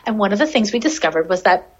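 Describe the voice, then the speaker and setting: A woman's voice: mid-range voice, expressive, quick pace. A woman telling a rambling story in casual chat, laughing often and swearing freely. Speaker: podcast guest, animal communicator. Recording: dull lo-fi audio.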